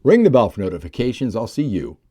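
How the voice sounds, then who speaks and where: A man's voice: medium pitch, sing-song, fast talker, dark tone, slightly rough. A man delivering a heated opinion vlog about politics, emphatic and ranting. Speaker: political commentator.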